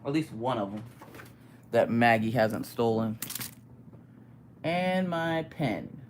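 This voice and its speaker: This US livestream host speaks slowly and expressively in an extremely low, darkish voice carrying a slight hiss or hum. She chats loosely with viewers, greeting them by name, while a ticklish cough tugs at her throat.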